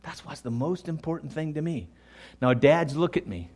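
Animated high-voiced male preacher. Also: moderate pace, slightly rough. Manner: emphatic, addresses the congregation directly; acts out quoted voices in dialogue. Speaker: pastor. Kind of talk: sermon.

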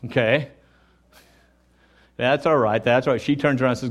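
A man's voice: medium pitch, fairly even intonation, normal speed. A man preaching a sermon, speaking emphatically and addressing the congregation directly, and sometimes acting out quoted voices. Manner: acts out quoted voices in dialogue. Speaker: pastor.

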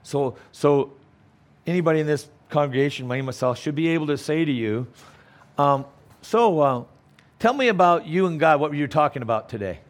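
A middle-aged male pastor gives a sermon in a somewhat high voice, animated and brisk. He preaches emphatically yet conversationally, often posing rhetorical questions to the congregation.

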